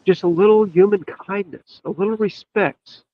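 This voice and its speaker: A man, a podcast guest, telling a story in an earnest, emphatic way with drawn-out pauses. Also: sits high, fairly even intonation, no room sound. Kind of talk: storytelling in casual chat. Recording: dull, lo-fi dry sound.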